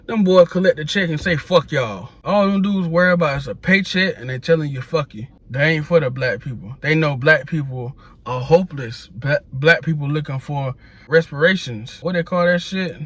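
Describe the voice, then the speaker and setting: A man's voice: on the high side, a little fast, fairly bright tone. A man delivering a blunt, profane rant straight to the camera in a preachy, casual tone. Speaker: social media commentator.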